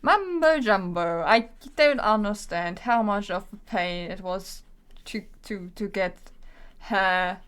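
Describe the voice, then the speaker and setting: A young woman streaming herself drawing, talking casually and quietly to herself as she works, often trailing off mid-thought. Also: mid-range voice, fairly even intonation, slow pace, clean tone. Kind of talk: casual thinking-aloud commentary while drawing.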